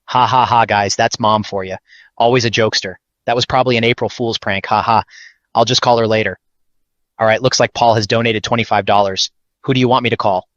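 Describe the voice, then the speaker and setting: Guy doing a smug greedy streamer, lowish voice, dull dry lo-fi sound. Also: steady tone, a little fast, a bit bright, no echo, close to an everyday voice. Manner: smug, whiny. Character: greedy self-important male video streamer.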